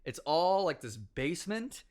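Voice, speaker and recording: A young man with a fairly high voice, chatting casually as a podcast guest. He tells animated stories, acts out other people's lines with lively swings and curses freely. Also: unhurried. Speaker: podcast guest, former pro gamer.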